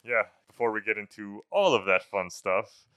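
Young male co-host, smooth resonant voice, easy laugh, casual facts-and-banter delivery. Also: on the low side, animated, moderate pace, a bit bright, no room sound. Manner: chatty, reads out film facts, laughs easily. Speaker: podcast co-host. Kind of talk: casual podcast chat. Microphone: podcast microphone.

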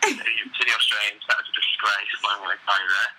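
A man's voice: on the low side, fairly even intonation, brisk, noisy background. A young English man in a band, chatting in an interview, rambling with lots of fillers and casual swearing. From England. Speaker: band member.

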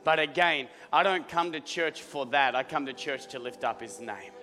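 Hoarse pastor preaching. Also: male voice, mid-range voice, moderate pace. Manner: energetic, rallying the congregation, clears his throat often. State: hoarse, rough voice. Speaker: lead pastor. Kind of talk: sermon. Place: church auditorium. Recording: hall reverb with faint music.

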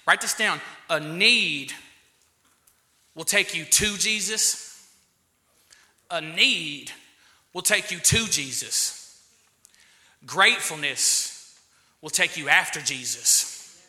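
A man preaching a sermon as pastor, repeating key phrases and rising to loud, impassioned exclamations. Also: a little high, lively intonation, slow, long pauses, reverberant.

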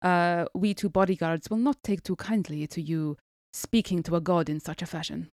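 A woman's voice: fairly low pitch, steady tone, moderate pace, darkish tone, no echo, clean studio sound, lightly acted. A woman voicing a pompous, stiffly formal noble man in a tabletop game. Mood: indignant. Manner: stiff, haughty, overly formal.

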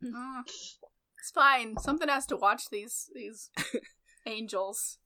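A woman voicing a cheeky male companion, talking playfully and deadpan. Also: fairly high pitch, slow, full character voice.

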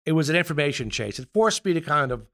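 A man who works as a yacht broker, talking casually in a halting way with many restarts. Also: on the high side, very animated, a bit bright, dry recording, studio quality. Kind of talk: casual conversation.

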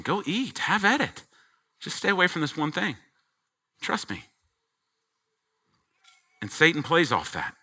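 Animated, bright-voiced preaching man. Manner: animated preaching with sharp swings between loud emphatic peaks and quiet low asides. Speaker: pastor. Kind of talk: sermon.

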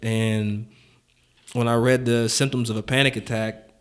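A man's voice: mid-range voice, level tone, a little slow. Guy just chatting on a podcast, laughs a lot, says like constantly, pretty open. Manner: candid storytelling, heavy on "like" fillers, chuckling often. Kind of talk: casual chat.

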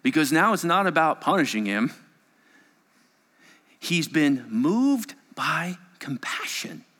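A pastor delivers a storytelling sermon, his voice moving from near-whispers to raised, urgent peaks. His tone is bright and slightly high for a man. A long reverb trails every phrase, as if the recording was made in a large sanctuary. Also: sing-song, takes it slowly. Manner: storytelling with big swings between hushed and raised passages.

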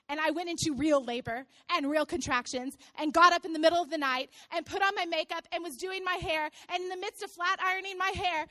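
A woman pastor preaching a sermon, telling a personal story with lively quoted dialogue. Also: very high voice, no echo, studio quality.

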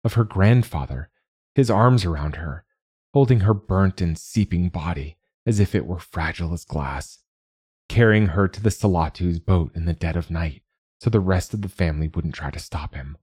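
A man reading an audiobook in measured, even narration. His voice is very deep and husky. The sound is close and dry. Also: no echo. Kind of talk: scripted narration.

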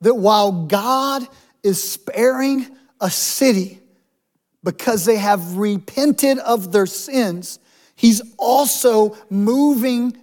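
High-voiced joking male preacher. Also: darkish tone. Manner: humorous, conversational preaching with asides. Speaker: pastor. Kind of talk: sermon.

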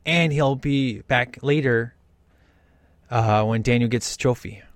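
A man's voice: mid-range voice, measured pace, no echo. A man talking through a film in casual commentary, enthusiastic and emphatic with lots of slang.

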